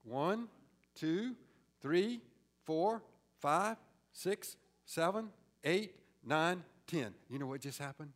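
A man preaching a sermon, swinging from loud exclamations to hushed whispers. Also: on the high side, expressive, slow pace.

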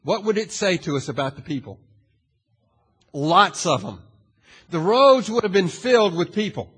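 A male pastor preaching a sermon in a dramatic way, asking the audience questions and swinging from hushed to loud. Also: high-pitched, expressive, normal speed, breathy edge. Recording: long hall reverb.

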